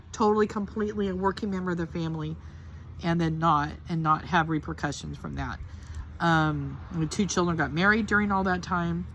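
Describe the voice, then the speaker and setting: An older woman with a deep, low-pitched voice talks straight to the camera, sharing a personal faith testimony. Her delivery is earnest and heartfelt, wandering casually from thought to thought. A faint background noise sits under her voice. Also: a bit bright. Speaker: Christian testimony speaker.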